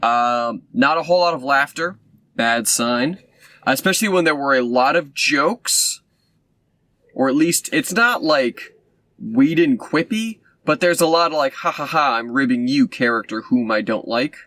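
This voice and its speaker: A man's voice: mid-range voice, animated, measured pace, pushed and bright, no echo. A man casually recapping a film he reviews, sarcastic and rambling with lots of fillers and asides. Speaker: movie reviewer.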